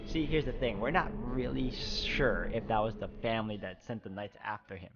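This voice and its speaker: A man's voice: fairly low pitch, normal speed, over music. A man hosting a video game playthrough, commenting in a casual, musing way. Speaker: video game player and host. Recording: slightly dull, muffled sound.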